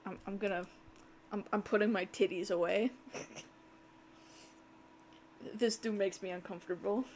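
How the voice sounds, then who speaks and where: A woman's voice: medium pitch, fairly even intonation, moderate pace, darkish tone, a little hiss or hum. A woman streamer giving casual, chatty commentary while playing a game, laughing, swearing and reading dialogue aloud.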